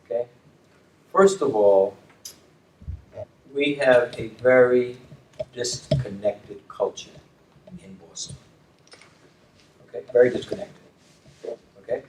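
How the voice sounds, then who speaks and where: Heard through a distant mic in a roomy space with faint background noise, an older man who leads his community and once served as dean reflects aloud. His medium-pitched voice is darkish, slow, and broken by long pauses, and he repeats points with emphasis, often adding "okay?".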